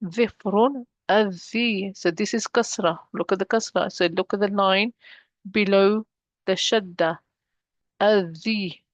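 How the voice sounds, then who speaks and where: A woman teaching a beginner Arabic lesson, patient and explanatory, slowing down to model each word. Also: mid-range voice, steady tone, no echo, highs cut off. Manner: patient, slows down to model pronunciation.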